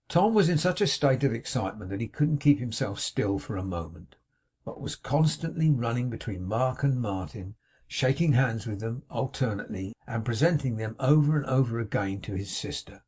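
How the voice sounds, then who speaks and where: A man reading a classic novel aloud as an audiobook narrator, lifting his voice for excited characters. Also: normal speed, breathy edge. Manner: reads dialogue with lively raised pitch for excited characters.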